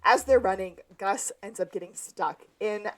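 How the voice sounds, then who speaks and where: A woman co-hosting a podcast, calmly narrating a TV episode's plot in casual chat. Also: medium pitch, normal speed. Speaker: podcast co-host.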